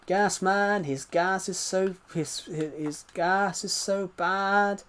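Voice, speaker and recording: A man's voice: high voice, slow, a bit bright, slight background noise. A young man chatting casually on a late-night game live stream, rambling and restarting his sentences. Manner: rambling, restarts, chuckling asides.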